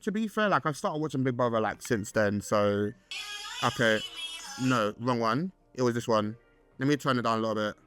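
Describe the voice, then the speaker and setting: A young man hosting a casual podcast, rambling and excitable with lots of fillers and restarts. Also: normal speed, faint music behind. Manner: excitable, with swoops up in pitch. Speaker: podcast host. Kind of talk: casual solo podcast chat.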